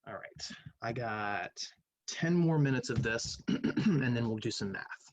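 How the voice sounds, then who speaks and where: A man's voice: mid-range voice, animated, unhurried, no room sound, lo-fi sound. A man who teaches math, casually reviewing quiz answers in a recorded lecture, thinking aloud and humming between questions.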